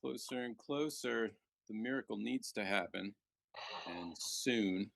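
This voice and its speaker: A man commentating a live backgammon match, joking and relaxed as he banters with his co-host. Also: fairly low pitch, unhurried, creaky, dry recording.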